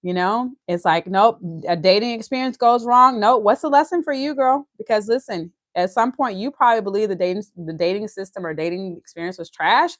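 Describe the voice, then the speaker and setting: Fast, excited woman from Louisiana. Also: medium pitch, no room sound, clean studio sound. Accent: Louisiana Southern. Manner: fast, excited, emphatic, laughs often. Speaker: host reading and discussing a book. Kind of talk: casual teaching, reading aloud with commentary.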